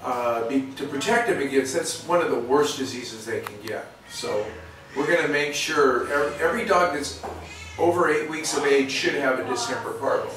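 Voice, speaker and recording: A man who works as a veterinarian demonstrates and explains things in a clinic exam room, speaking at medium pitch and normal speed. His instruction is folksy and rambling, full of restarts, and the audio sounds roomy and distant with faint noise.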